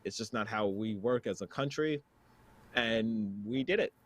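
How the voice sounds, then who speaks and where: A man co-hosting a casual news podcast, reading stories aloud with halting fillers. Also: fairly low pitch, fairly bright tone. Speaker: podcast co-host.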